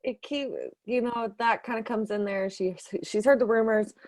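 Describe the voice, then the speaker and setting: A woman's voice: a little high, fairly even intonation, moderate pace, a little mellow, dry recording. A woman playing a tabletop game, casually describing her character in a rambling way full of fillers. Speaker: player.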